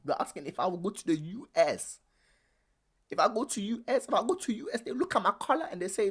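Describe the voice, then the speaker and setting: A man's voice: high voice, animated, fast talker, fairly bright tone, slightly rough. A man hosting a live stream, talking casually and animatedly, repeating himself with plenty of slang. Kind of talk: casual commentary.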